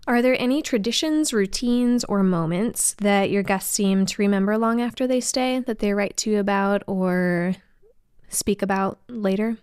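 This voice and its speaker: Casting: woman podcast host, smooth clear voice, close dry mic, attentive interviewer. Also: mid-range voice, normal speed, a little mellow, no echo. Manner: attentive, affirming listener. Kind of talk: interview questions.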